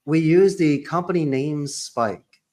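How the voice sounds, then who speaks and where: A man's voice: a little high, takes it slowly, a little mellow. A man who owns a call center, talking as a podcast guest in an emphatic, punchy way that is full of sports and pop-culture references. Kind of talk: animated interview talk.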